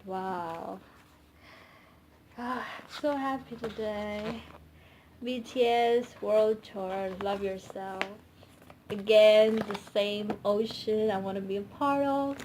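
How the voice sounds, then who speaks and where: A young woman vlogger unboxing a DVD set at home, gushing and squealing with delight between quieter asides. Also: medium pitch, a little hiss or hum. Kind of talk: excited unboxing vlog.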